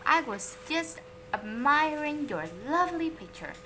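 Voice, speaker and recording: A woman's voice: high voice, sing-song, unhurried, bright, forceful tone, a little hiss or hum, pitched above the performer's own voice, exaggerated voice. A woman voicing a cheeky, scheming young schoolboy in a storybook. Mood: sly. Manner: cheeky, mischievous.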